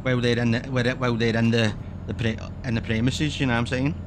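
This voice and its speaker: A man chatting through a driving game, voice sitting at an ordinary middle pitch. He rambles from one thought to the next, casual and loose, swearing as he goes. A faint hum of noise sits behind him. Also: little pitch movement, quick pace. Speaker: streamer. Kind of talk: casual gameplay commentary.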